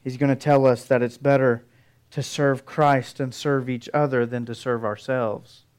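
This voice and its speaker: A man's voice: mid-range voice, fairly even intonation, unhurried, a little mellow, smooth. A middle-aged male pastor preaching a sermon, earnest and building emphasis through his points.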